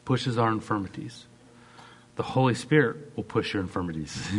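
Guy preaching a sermon, animated, acts out little voices, goes loud then quiet. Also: lowish voice, normal speed, slightly rough. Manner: animated, acts out quoted voices, swings between loud and soft.

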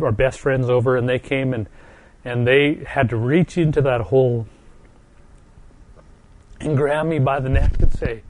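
A middle-aged man gives a heartfelt sermon in a gentle, earnest voice of ordinary pitch, pausing and circling back on his words. He is still recovering from a stroke and his voice carries a tender emotion. The sound is dry and close, with no room echo. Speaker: preacher.

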